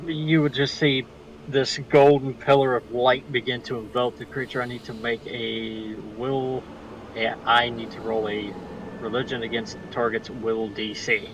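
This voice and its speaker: A man playing a tabletop game, eager and excitable in table talk. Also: medium pitch, normal speed, a little hiss or hum, rough recording. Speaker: player.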